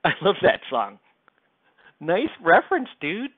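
A man's voice: sits high, huge pitch swings, unhurried, dry recording. A young man chatting casually while painting, rambling and self-mocking as he reads comments aloud. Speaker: painting streamer. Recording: dry, tinny, phone-like sound.

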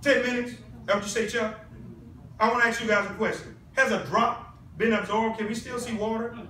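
A man's voice: sits high, steady tone, brisk, bright, forceful tone, slight background noise. A man giving a live product demonstration to a room of people, persuasive and peppering the audience with questions. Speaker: product presenter. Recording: echoey room, mic at a distance.

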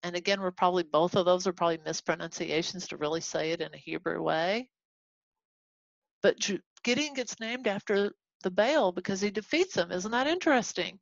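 A woman from Texas teaching a casual Bible lesson to a class, animated and chatty, acting out the people in the story as she goes. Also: lowish voice, a little fast, vocal fry, no echo. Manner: animated, acts out quoted voices, chatty asides. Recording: dull lo-fi recording.

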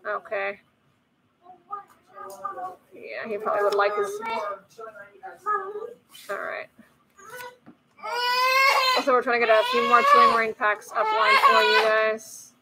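A woman's voice: on the high side, lively intonation, slow pace, gravelly, pauses often. A woman hosting a live card-opening stream from home, chatty and apologetic, often breaking off to soothe a baby. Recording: loud background noise with a crying baby.

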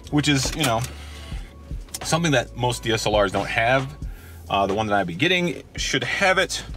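With lofi music playing, a vlogger chats casually into his handheld action camera while out and about, in the car and in a store. His voice is mid-range and slightly bright, and he rambles, often interrupting himself.

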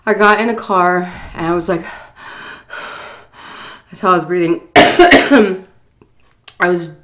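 Woman, out of breath, getting over flu, chatty, talks to viewers, somewhat low voice. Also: fairly even intonation, a little slow, a bit bright. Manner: chatty, addresses viewers directly. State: recovering from flu, sighing. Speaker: food vlogger. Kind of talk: casual storytelling to camera.

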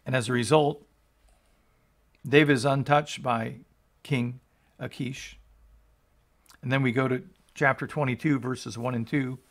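A man's voice: mid-range voice, fairly even intonation, a little slow, pauses often. A male pastor reading scripture aloud and explaining it, in an earnest teaching tone that rises for emphasis. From United States.

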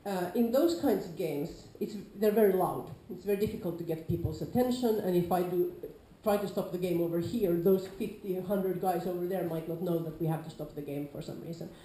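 A woman with a Nordic accent giving an informal lecture to a class, lively, acting out quoted players with sudden loud calls. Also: fairly low pitch, fairly quick, few pauses. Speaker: lecturer on larp safety. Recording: echoey lecture room.

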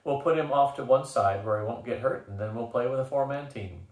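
A man's voice: medium pitch, brisk, darkish tone, natural voice. An older man voicing a demanding, brusque male general in a read-aloud story. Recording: roomy echo.

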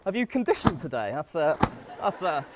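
Lively, high-voiced man joking on stage. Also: normal speed, background noise. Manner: jokey, self-mocking, energetic. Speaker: science presenter. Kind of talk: comic live science demonstration. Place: stage before a live audience.

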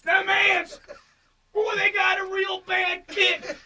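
A man's voice: very high-pitched, little pitch movement, takes it slowly, shouting, distant mic, background noise, exaggerated voice. A man playing a rowdy, drunken old male preacher who hollers and rambles in a slurred voice for an improvised comedy sketch.

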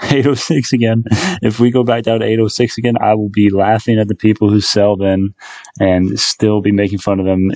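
Low-voiced man, relaxed rambling host with lots of fillers, dry close recording. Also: no room sound. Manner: rambling, repeats himself, many fillers. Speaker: stock market video host. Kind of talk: casual direct-to-camera rambling.

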